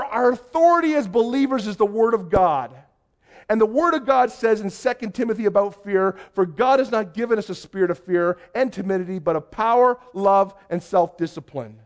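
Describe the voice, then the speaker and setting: High-voiced man telling a sermon story. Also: fairly quick. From Canada. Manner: animated storyteller, acts out quoted voices. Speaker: youth pastor.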